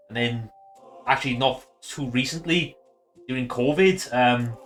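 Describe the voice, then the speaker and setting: A man's voice: medium pitch, a bit bright. A man streaming a game, chatting casually in a rambling, loose way. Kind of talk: casual chat while gaming.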